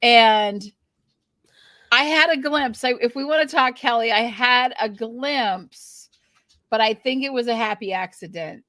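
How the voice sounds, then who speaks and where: A woman's voice: on the high side, a little slow, bright, forceful tone, dry recording. Chatty woman, dry close sound. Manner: chatty, hedging opinions. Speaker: podcast co-host. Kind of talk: casual recap chat.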